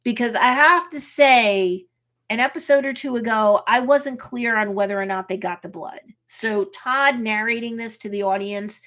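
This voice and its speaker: A woman's voice: fairly high pitch, normal speed, fairly bright tone. A woman attorney chatting casually as she reacts to and retells a TV episode, often tagging her points with "right?" and "like". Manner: chatty, retells scenes, tags lines with "right?" and "like".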